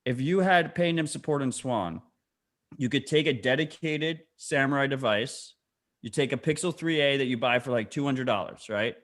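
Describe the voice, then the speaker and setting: A man's voice: medium pitch, moderate pace, a bit bright. A man co-hosting a podcast, explaining things bluntly and swearing in casual chat. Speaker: podcast co-host.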